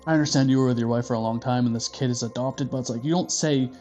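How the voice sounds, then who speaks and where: A man's voice: mid-range voice, steady tone, quick pace, a little mellow, soft background music. Profane joking man reviewing movies.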